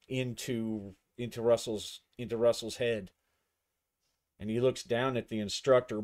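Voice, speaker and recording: A man's voice: medium pitch, a little mellow. A man narrating a solo tabletop game, thinking aloud as he describes the action and his dice rolls.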